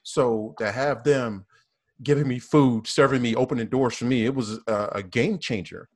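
A man's voice: mid-range voice, a little mellow. A man, a police officer, speaking earnestly on a panel discussion, often repeating himself and restarting phrases. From American South. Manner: earnest, repetitive, halting restarts.

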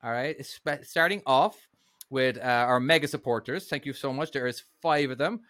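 A man's voice: medium pitch, normal speed, a bit bright, no echo, studio quality. A man with an Irish accent co-hosting a casual podcast, laughing and rambling as he reads out supporters' names. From Ireland. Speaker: podcast co-host.

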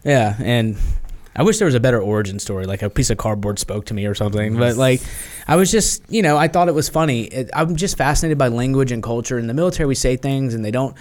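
A man's voice: mid-range voice, fast, hardly any pauses, darkish tone. A man, a podcast guest, telling stories in casual chat and acting out quoted voices, with many fillers.

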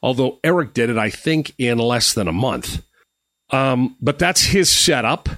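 In studio-quality audio with no echo, a middle-aged man from Canada speaks in an animated, fairly bright mid-range voice, a little slowly. Hosting a live stream, he shares rambling, friendly stories full of fillers and false starts.

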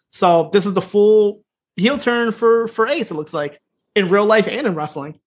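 A man's voice: high-pitched, normal speed. A man co-hosting a podcast, recapping an episode in casual chat, laughing often and acting out the characters' lines. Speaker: podcast co-host.

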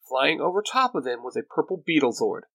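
A man's voice: medium pitch, very animated, brisk, vocal fry, fairly bright tone, dry recording, rough recording. A man reading the narration of a fan-made superhero audio drama. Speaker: storyteller.

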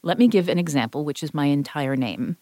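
A woman's voice: sits low, lively intonation, a little fast, warm tone, dry recording. A woman co-hosting a podcast discussion, a voice actor who explains her points thoughtfully with worked examples.

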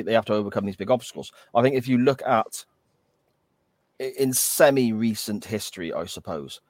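A man joining a wrestling podcast as a guest, making analytical points in a measured way. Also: lowish voice, darkish tone, no echo. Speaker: guest co-host. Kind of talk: casual wrestling chat.

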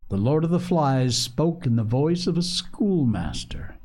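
A man narrating a novel aloud in a measured, dramatic way. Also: fairly high pitch, animated, darkish tone. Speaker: audiobook narrator. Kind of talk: expressive novel reading.

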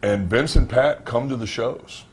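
In a measured, mid-range voice with slight background noise, a man who once wrestled professionally tells tales from his career during an interview. He's animated, acting out the conversations he recalls.

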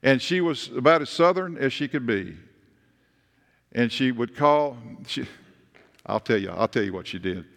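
Animated preacher with long reverb. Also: male voice, mid-range voice, normal speed, vocal fry, pauses often. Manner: animated, with emphatic rises and storytelling asides. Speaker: pastor. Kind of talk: sermon.

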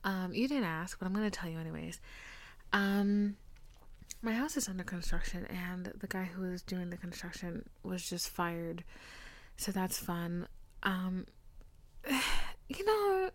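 Stuffy-nosed woman ranting on her podcast, whispery and sarcastic, a bit of fry, dead dry sound. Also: medium pitch, expressive, a little slow, no echo. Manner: breathy whispery, chatty and sarcastic. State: congested. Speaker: podcast host. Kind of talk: casual chat.

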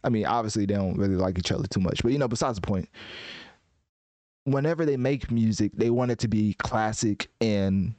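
A man's voice: on the low side, a little fast, no echo. Man rambling about music, dry close mic. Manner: rambling and animated, often restarting and laughing. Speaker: music commentary host. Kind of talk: casual commentary vlog.

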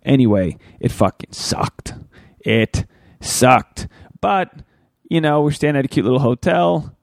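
A man in his thirties hosting a solo podcast, rambling crude stories in a loose, animated way with sudden jumps up in pitch. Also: measured pace, creaky, no echo, clean studio sound. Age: 30s. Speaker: podcast host.

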